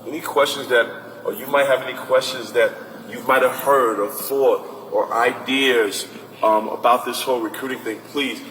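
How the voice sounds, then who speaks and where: Animated man talking in an echoey hall. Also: medium pitch, normal speed, soft background music. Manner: animated and conversational, acts out parents and coaches. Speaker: basketball recruiting advisor speaking to parents. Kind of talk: informal talk to an audience with questions. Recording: echoey hall from far off, faint noise.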